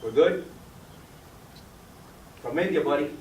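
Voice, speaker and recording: A man giving a persuasive sales pitch at a meeting with guests, quizzing listeners by name with numbers and questions. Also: animated, slow pace, a little mellow. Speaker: business opportunity presenter. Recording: echoey room, mic far off, faint background noise.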